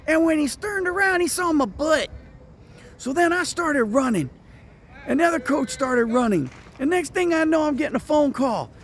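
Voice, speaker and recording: A man, a football coach and teacher, telling lively stories about a late friend and mentor, then speaking earnestly in tribute. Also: normal speed, a little hiss or hum. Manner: animated storytelling, rising high when excited, earnest when reflecting. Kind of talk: casual storytelling tribute.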